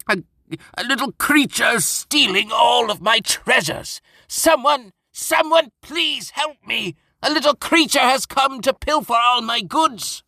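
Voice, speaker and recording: A man's voice: very high-pitched, gravelly, bright, forceful tone, dry recording, studio quality, voice pushed up, heavily acted. A man doing a panicked homeowner. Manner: panicked and pleading. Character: frightened homeowner pleading for his treasure.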